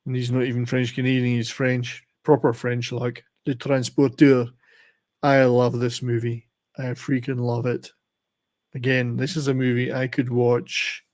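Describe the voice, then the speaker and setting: A man's voice: mid-range voice, a little mellow. An older man hosting a casual live stream, rambling and chatty, laughing at his own jokes. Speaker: channel host.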